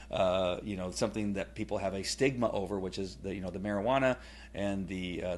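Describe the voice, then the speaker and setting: A middle-aged man with a fairly low voice talks through a casual personal testimonial. He rambles, restarts often and fills pauses. He gets animated when he retells scenes at home. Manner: rambling, many fillers and restarts. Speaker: testimonial speaker.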